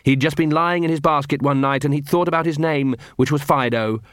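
A man narrating an audiobook in a steady, measured reading. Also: fairly high pitch, dry recording, clean studio sound. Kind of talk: scripted narration.

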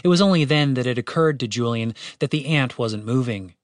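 A man narrating a fantasy audiobook in a steady, wry storytelling way, with casual swearing. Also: mid-range voice, brisk, dry recording, clean studio sound.

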